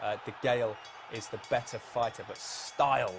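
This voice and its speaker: A man hosting a boxing talk show who reads out viewer questions and moves the chat along briskly. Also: mid-range voice, steady tone, vocal fry, a crowd in the background. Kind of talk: casual studio chat.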